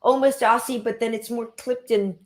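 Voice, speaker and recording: A woman's voice: on the high side, fairly even intonation, moderate pace. A woman hosting a casual chat show, laid-back, reading out viewer comments. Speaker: host. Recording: echoey room.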